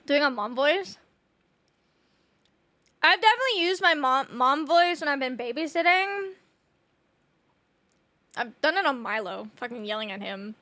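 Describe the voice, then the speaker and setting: A woman's voice: high-pitched, lively intonation, a little slow, long pauses, sharp tone, no room sound. A young woman streaming a game, chatting casually and laughing often, swearing freely and filling her talk with "like," on a close mic. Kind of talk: casual chat while gaming live.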